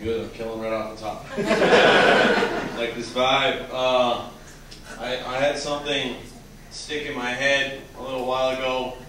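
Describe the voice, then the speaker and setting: A man from Canada doing an animated stand-up comedy set on a club stage, building to shouts on the punchlines. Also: mid-range voice, a little slow, very noisy. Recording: echoey club from a distance, crowd laughing.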